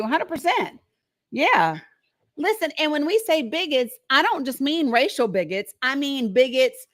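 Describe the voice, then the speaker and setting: A woman's voice: sits high, very animated, measured pace, fairly bright tone. A woman with a Southern American accent hosting a live-stream talk show, blunt and profane, laughing often and talking straight to her viewers.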